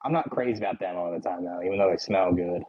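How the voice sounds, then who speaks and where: A man's voice: low-pitched, fast, slightly rough, highs cut off. A man with a Philadelphia accent chatting casually with his livestream viewers, rambling and full of "like" and "you know".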